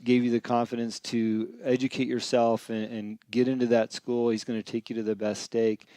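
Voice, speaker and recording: A man's voice: mid-range voice, level tone, moderate pace, warm tone, no room sound. A man hosting a podcast, reflecting back on what his guest said and steering the interview. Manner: reflective, sums up the guest's story. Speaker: podcast host. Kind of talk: interview questions.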